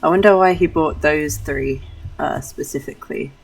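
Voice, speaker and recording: Brief: casual woman game streamer, low voice, thoughtful rambling, slightly distant mic. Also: moderate pace, husky, faint music behind. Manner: rambling, musing, self-deprecating. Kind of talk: casual gameplay commentary.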